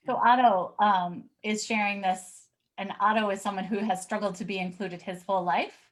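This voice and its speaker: A woman's voice: medium pitch, fairly even intonation, moderate pace, low-quality recording. A woman educator giving a live online talk, telling a classroom story, acting out the people she quotes and reading replies from the chat.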